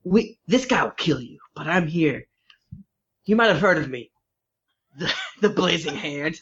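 A man playing a tabletop game with friends, joking around and talking in character. His voice swings widely in pitch, and the recording sounds dull and lo-fi. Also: animated, unhurried, a bit bright, slightly rough. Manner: playful, joking. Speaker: player. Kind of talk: tabletop role-play.

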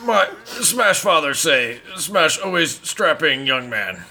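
A man's voice: on the high side, heavily acted. A man voicing Smash, a big simple warrior who speaks of himself in broken third person. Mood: blunt. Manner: broken third-person speech, slow and lively. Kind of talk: tabletop role-play.

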